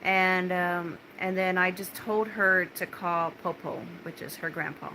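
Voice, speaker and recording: A woman with a somewhat low voice talks straight to her viewers, shaken but steadying herself. She restarts her sentences often and swears bluntly. A faint hiss sits behind her. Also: fairly even intonation, bright, forceful tone. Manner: halting and repetitive, many restarts and fillers, blunt swearing. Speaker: vlogger recounting a personal ordeal. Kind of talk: casual spoken personal story.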